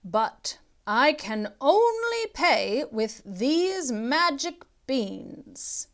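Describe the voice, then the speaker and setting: A woman voicing an old male stranger in a children's story, raising her voice and slowing down. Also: high-pitched, big pitch swings, pitched above the performer's own voice, exaggerated voice. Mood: coaxing.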